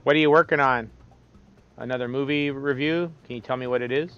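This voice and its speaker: A man's voice: medium pitch, fairly even intonation, brisk, fairly bright tone, smooth, lo-fi sound. A man giving casual, profane gameplay commentary as a streamer, exasperated and talking to the game. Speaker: let's play streamer.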